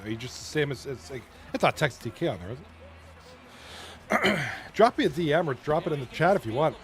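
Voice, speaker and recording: A man casually commenting on an online hockey league stream, reading chat aloud, chatty and loose with frequent swearing and throat clearing. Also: on the high side, very animated, moderate pace, fairly bright tone.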